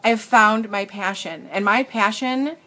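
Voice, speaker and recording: A woman's voice: mid-range voice, measured pace, pushed and bright. A young adult woman chatting emotionally to viewers on a live stream, earnest, often restarting her sentences. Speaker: makeup seller on a live stream. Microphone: tablet.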